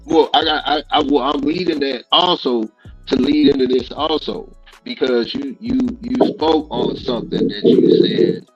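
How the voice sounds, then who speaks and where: A man's voice: mid-range voice, moderate pace, dull audio, soft background music. A man hosting a casual livestream interview, asking careful questions and checking that he has understood correctly.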